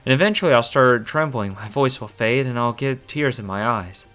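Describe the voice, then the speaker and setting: A man reading a visual novel aloud, breaking off for casual, profane asides. His pitch swings freely and his delivery stays animated. Faint music sits under the voice. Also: moderate pace, clean tone. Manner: casual, swears a lot in asides. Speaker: game reader.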